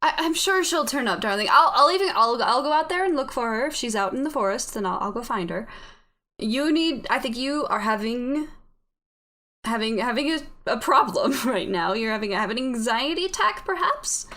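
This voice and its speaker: A woman's voice: a little high, animated, moderate pace, sharp tone. A woman voicing a worried, skeptical motherly adult. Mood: concerned. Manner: soothing but doubtful.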